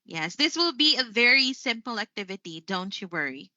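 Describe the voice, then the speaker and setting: A woman leads a live online English lesson in a very bright, high-set voice. She takes her time with each word and often breaks into easy laughter. The sound is close and dry but a little muffled. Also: no room sound. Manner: slow, expressive delivery with frequent laughs. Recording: slightly muffled stream audio.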